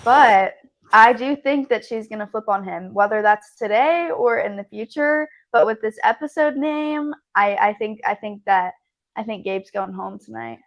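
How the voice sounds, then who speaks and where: A woman's voice: medium pitch, animated, moderate pace. A young woman co-hosting a podcast, talking casually and thoughtfully, often hedging with "I think.". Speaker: podcast co-host. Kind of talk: casual chat.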